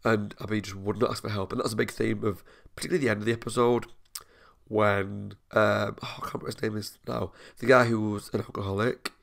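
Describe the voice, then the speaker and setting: A man with a gravelly, creaky edge to his voice, chatting through an episode review. He talks in an easy, openly emotional way and laughs at himself as he goes. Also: on the low side, level tone, fast talker, fairly bright tone. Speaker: reaction video host. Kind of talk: casual spoken episode review.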